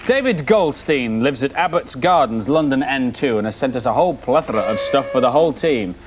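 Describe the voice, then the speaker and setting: A man's voice: medium pitch, lively intonation, brisk, background noise. Chirpy man thanking viewers. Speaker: children's TV co-host. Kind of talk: reading viewers' letters.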